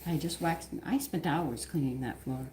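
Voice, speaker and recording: An older woman with a Southern US accent, a cooking channel host, telling a home story in casual, animated talk and laughing often. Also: low voice, moderate pace, a little hiss or hum. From American South. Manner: animated, laughs often, swings loud and quiet.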